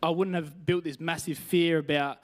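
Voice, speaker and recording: A man's voice: fairly high pitch, steady tone, moderate pace. A young man with an Australian accent preaching a sermon in a chatty, self-deprecating way, telling personal stories and reading scripture. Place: church stage.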